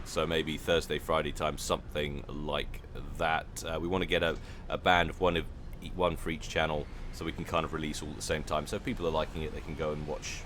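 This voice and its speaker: A low-voiced man casting a strategy game replay. He talks in a loose, rambling way and often jokes about his own skill. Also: a bit bright, slight background noise. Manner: chatty, rambling, self-deprecating. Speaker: game caster. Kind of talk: casual game commentary.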